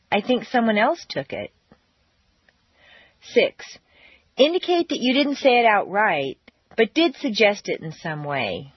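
A woman narrating a pronunciation lesson on an audio course, speaking clearly and deliberately with exaggerated word stress. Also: medium pitch, sing-song, no room sound, muffled recording. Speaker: pronunciation teacher. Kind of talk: scripted language-course narration.

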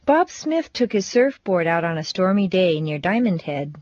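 A woman teaching English pronunciation, reading set phrases and sentences with slow, deliberate, exaggerated stress for learners to repeat. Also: on the low side, very animated, a little mellow, no echo, muffled recording. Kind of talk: scripted pronunciation drill.

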